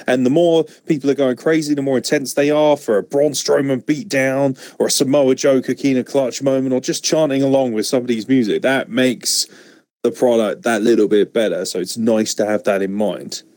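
A man's voice: medium pitch, steady tone, normal speed, a little mellow, no echo, studio quality. A man co-hosting a casual chat podcast who rambles, swears freely and laughs often. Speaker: podcast co-host.

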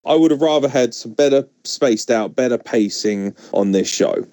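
A man's voice: mid-range voice, normal speed, mellow, no room sound, clean studio sound. A young English man with an English accent hosting a podcast in casual, blunt, joking chat. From England. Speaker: podcast host.

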